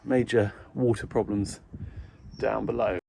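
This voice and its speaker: A man speaking calmly and reassuringly in a casual vlog, then explaining a game playfully. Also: fairly low pitch, measured pace, gravelly. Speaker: host. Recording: recording with noticeable background noise.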